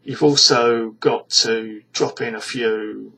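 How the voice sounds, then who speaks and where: A man's voice: mid-range voice, fairly even intonation, slow, creaky, sharp tone, poor audio. A British man ranting to his viewers in a casual monologue, rambling and scornful, stumbling over frequent restarts. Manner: scornful, exasperated. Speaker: vlogger.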